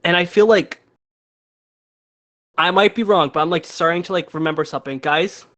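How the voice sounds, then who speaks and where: A man's voice: fairly high pitch, normal speed, fairly bright tone, dull audio. A man co-hosting a podcast, chatting casually and agreeing often. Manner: chatty, agreeable, frequent yeahs. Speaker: podcast co-host. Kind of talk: casual chat.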